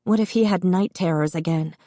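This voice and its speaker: Female audiobook narrator, low warm voice, dry close sound, steady expressive read. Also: fairly quick, dry recording. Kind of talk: scripted narration.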